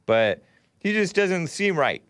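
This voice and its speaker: Smooth-voiced man hosting a rambling talk show. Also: high-pitched, big pitch swings, slow pace, fairly bright tone, no echo, studio quality. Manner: rambling, sarcastic, scornful asides. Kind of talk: casual political commentary.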